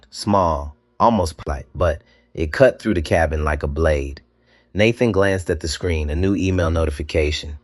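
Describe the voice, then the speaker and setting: A man narrating a dramatic scripted story, measured and slow, with deliberate pauses. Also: deep voice, no echo, clean studio sound.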